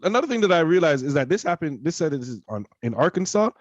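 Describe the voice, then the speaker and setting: A man's voice: a little high, very animated, quick pace, no echo, muffled recording. A man co-hosting a casual podcast, talking heatedly and emphatically, repeating his points. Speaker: podcast co-host.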